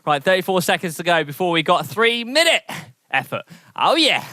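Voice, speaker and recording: A man's voice: high-pitched, brisk, dry recording. Guy coaching a spin workout, pumped up and cheering you on, sweaty, dry close sound. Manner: energetic, encouraging, counting down intervals. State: sweating from exertion. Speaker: indoor cycling coach. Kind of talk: coaching a training session.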